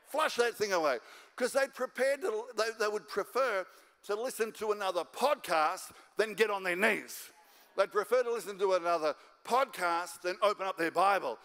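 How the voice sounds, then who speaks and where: A man's voice: high voice, fairly bright tone, big-room sound. An Australian man preaching a sermon as a guest pastor, fired up and driving home his points over and over. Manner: fired-up, repetitive exhortation. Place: church auditorium.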